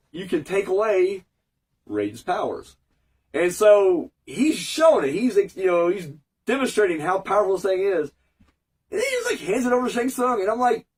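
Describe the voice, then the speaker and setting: Fighting a cold, a man gives a casual, rambling recap review of an episode, swearing and using lots of fillers. His voice sits high and sounds slightly rough, and he's far from the mic.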